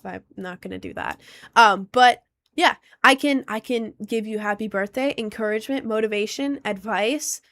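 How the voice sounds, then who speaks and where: Chatty woman with a high voice. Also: a bit bright. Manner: rambling, chatty, lots of fillers and restarts. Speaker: streamer. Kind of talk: casual live-stream chat.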